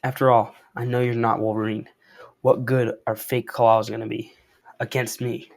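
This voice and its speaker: The gray Hulk, read out by a man from a comic, a huge brute who stays calm. He trades dry puns and taunts in an unhurried tone. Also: mid-range voice, creaky, close to an everyday voice. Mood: calm taunting. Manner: calm, wisecracking lines. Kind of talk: reading comic dialogue aloud.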